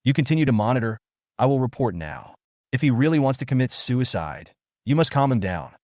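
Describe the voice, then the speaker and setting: A man voicing a flustered male superior officer giving hurried orders. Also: mid-range voice, very animated, darkish tone, no room sound, studio quality, lightly acted. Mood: commanding. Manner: hurried, commanding.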